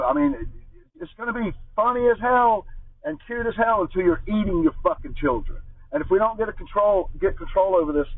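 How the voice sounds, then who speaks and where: A man rants angrily with lots of swearing and emphasis. His husky voice swings widely in pitch. The sound is thin and phone-like, and he sits away from the mic in a dry space. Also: dry recording. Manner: angry, profane, emphatic. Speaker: political commentator. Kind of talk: ranting monologue. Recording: muffled phone-like audio from far from the mic.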